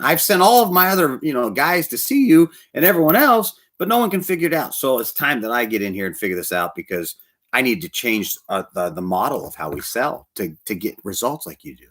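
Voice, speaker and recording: A man's voice: mid-range voice, a little fast. A male pastor telling a personal story in a sermon, acting out the people in it. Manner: animated storyteller, quoting others.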